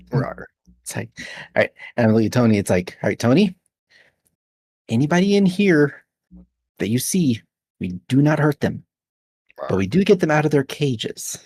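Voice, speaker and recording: A man playing a tabletop role-playing game, chatty and laughing often, lifting his pitch when he speaks in character. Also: very animated, normal speed, long pauses, darkish tone, breathy edge, no room sound. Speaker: player.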